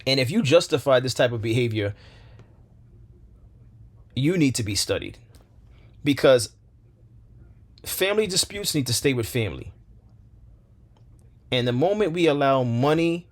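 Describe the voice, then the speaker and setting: Man, commentary host, impassioned, rhetorical questions, repeats himself, mid pitch. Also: expressive, unhurried, pauses often. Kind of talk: opinion commentary monologue.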